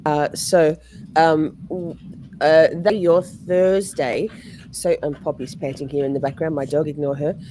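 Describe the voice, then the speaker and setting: A woman with an Australian accent in casual livestream chat, in her morning voice, hesitant with frequent ums and throat clearing. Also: deep voice, fairly even intonation, a little slow, dark tone, slight background noise. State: morning voice, just woke up. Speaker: guest true-crime streamer.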